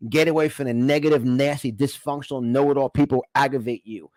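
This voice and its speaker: A man's voice: medium pitch, fairly even intonation, fast, darkish tone, no echo. A man giving a motivational talk straight to the camera, emphatic and preachy, often repeating a word as he starts a point. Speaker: motivational speaker. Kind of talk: motivational monologue.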